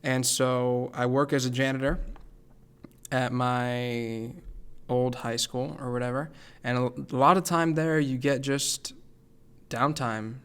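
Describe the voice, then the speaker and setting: A man's voice: mid-range voice, fairly even intonation, slow pace, fairly bright tone, clean tone. Young dude rambling on his podcast, laid back and self-deprecating, says super a lot. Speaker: podcast host. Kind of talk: casual solo chat. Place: New York area.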